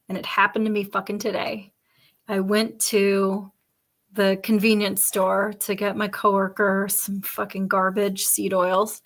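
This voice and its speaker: A woman, hosting a casual chat and talking bluntly with lots of swearing. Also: mid-range voice. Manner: blunt and profane, animated asides. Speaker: podcast host.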